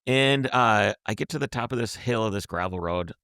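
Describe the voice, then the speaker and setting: Male podcast host, deep gravelly voice, lively raconteur, dry studio sound. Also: moderate pace, no room sound. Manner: animated, acts out quotes, repeats and restarts words. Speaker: podcast host telling a road trip story. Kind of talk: casual storytelling chat.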